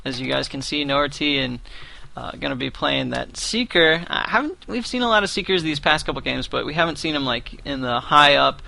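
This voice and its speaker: A man casting a competitive video game match live. His voice sits higher than most and sounds very bright and forceful. He rambles along with casual fillers as he calls the action. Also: animated, fairly quick, gravelly, a little hiss or hum. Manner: rambling with many "you know" fillers. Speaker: esports play-by-play commentator.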